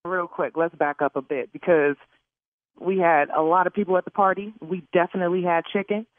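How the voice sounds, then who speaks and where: A woman's voice: fairly low pitch, steady tone, brisk, dry recording. Furious woman on a tinny phone line. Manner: outraged, loud, swearing. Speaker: prank call target. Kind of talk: angry phone call.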